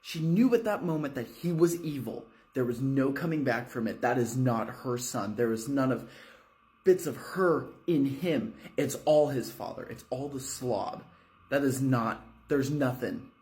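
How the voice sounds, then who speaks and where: A man's voice: medium pitch, expressive, unhurried, a little mellow. A man narrating a horror story in a casual, swearing storytime manner, speaking from a hotel room. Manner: casual, swearing, fillers like 'you know'.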